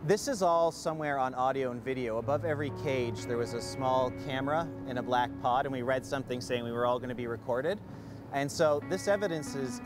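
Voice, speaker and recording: A man giving earnest personal testimony as an interviewee, pausing often with fillers. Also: mid-range voice.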